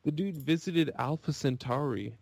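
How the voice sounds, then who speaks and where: A man on a podcast, rambling and gushing in an excitable casual rant. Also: on the high side, normal speed, gravelly, no echo.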